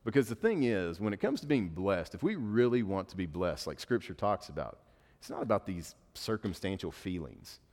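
A male pastor gives a casual, joking sermon and tells stories in a relaxed, chatty way. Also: low-pitched, normal speed, long reverb tail. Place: church sanctuary.

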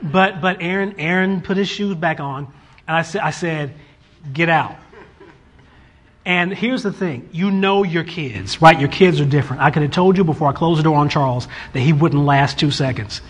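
A husky, fairly high-voiced man in his forties tells a story about his children, lively and animated. He slips into his kids' voices when quoting them. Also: normal speed. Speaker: father telling a family story. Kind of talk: casual storytelling.

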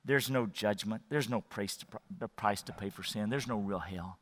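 A man voicing a sly, tempting male devil in a low, hushed murmur during a sermon. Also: moderate pace, long reverb tail, close to an everyday voice. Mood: sly, coaxing.

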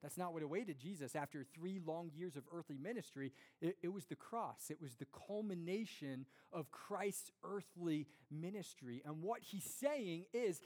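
A young man giving an earnest, conversational sermon to a congregation, with lively storytelling and rhetorical questions. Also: a little high, moderate pace, few pauses. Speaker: pastor.

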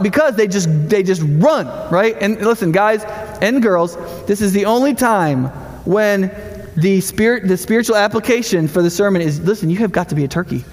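A middle-aged male pastor preaching a sermon in a lively, conversational way, full of rhetorical questions. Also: high voice, big-room sound.

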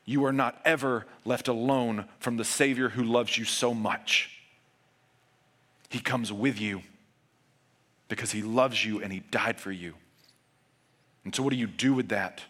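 Male pastor, bright forceful tone, earnest sermon delivery that drops to hushed emphasis. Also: fairly even intonation, unhurried, pauses often. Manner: earnest, swings between raised urgent passages and hushed low emphasis.

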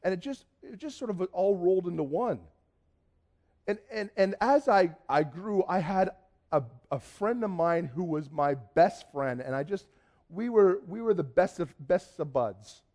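A man from Canada, telling a personal testimony in a lively storytelling way, acting out dialogue and often restarting his sentences. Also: high voice, a little slow. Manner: lively, acts out dialogue, frequent restarts and repeated words. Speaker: speaker giving a personal testimony.

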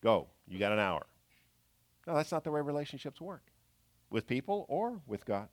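A man preaching a sermon in a conversational storytelling manner, swinging between loud bursts and hushed asides. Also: mid-range voice, sing-song, moderate pace, dry recording.

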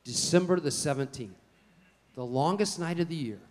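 A man preaching a sermon, telling folksy stories in an animated way. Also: a little high, normal speed, big-room sound. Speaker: pastor.

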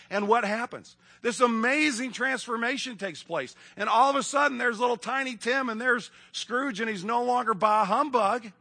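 Bright-voiced preacher giving a sermon. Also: male voice, very high voice, moderate pace, few pauses. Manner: earnest, emphatic, asks the listeners questions. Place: room with an audience, evening service.

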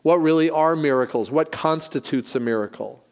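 A man's voice: fairly high pitch, normal speed. Male pastor, folksy joking sermon delivery, reverberant sanctuary sound. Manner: folksy, joking storytelling with frequent restarts.

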